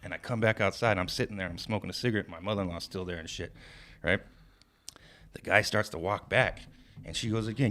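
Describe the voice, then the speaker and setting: Animated, profane male storyteller. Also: fairly low pitch, fairly quick. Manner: animated, profane, shouts quoted lines. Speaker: comedian workshopping a bit. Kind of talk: storytelling stand-up draft.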